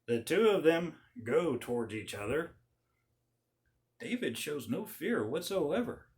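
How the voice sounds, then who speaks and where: A man tells an old story to his viewers in a folksy, casual way. He speaks slowly, with his pitch rising and falling expressively. His voice sits somewhat high for a man. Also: slight background noise. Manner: folksy, animated. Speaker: channel host.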